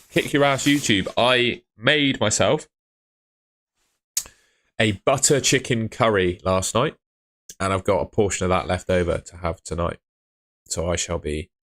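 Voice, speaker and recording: A deep-voiced man talks loosely through a live fantasy football stream at home. He rambles, answers viewers one by one, and sounds worn out after a long day. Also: animated, unhurried, pauses often, fairly bright tone. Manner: chatty, rambling, answers chat by name. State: tired, yawning. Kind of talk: casual live stream chat.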